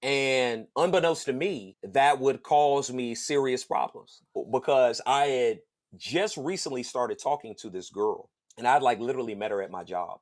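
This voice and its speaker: A man hosting a podcast, telling a personal story in a casual, slangy, animated way and laughing along the way. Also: mid-range voice, normal speed. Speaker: podcast host.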